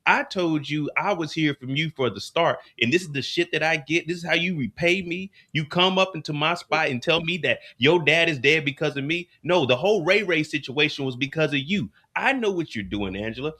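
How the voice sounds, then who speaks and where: A man's voice: on the high side, fairly quick, few pauses, pushed and bright. A man ranting as a hurt, furious man. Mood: angry, hurt. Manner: ranting, cursing, wounded.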